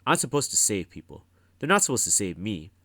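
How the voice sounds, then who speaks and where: An earnest teenage boy hero, steady and controlled, as a male narrator reads him. His speech carries lively pitch movement. The dry, close sound has no reverb. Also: a little fast, full character voice.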